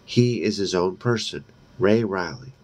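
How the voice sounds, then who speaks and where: A man reading a horror novel aloud in a slow, deliberate way, with brief asides of his own. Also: low voice, lively intonation, noisy background. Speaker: reader.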